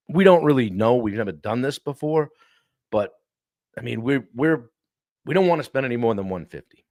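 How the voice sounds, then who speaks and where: A man's voice: mid-range voice, expressive, darkish tone, no room sound, clean studio sound, natural voice. A man voicing a hesitant male homeowner client who stammers over his budget. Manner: halting, stammering.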